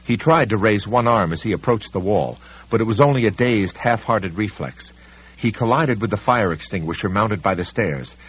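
Here a male audiobook narrator performs scripted narration, giving the story a dramatic and varied reading. His pitch is fairly low and slightly rough, captured on a dull lo-fi recording.

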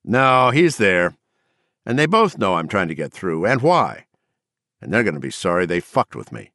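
A man's voice: low voice, very animated, moderate pace, bright, forceful tone, no echo, heavily acted. Man putting on a furious, barking woman. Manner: barking, clipped, profane. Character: curt, furious grown woman.

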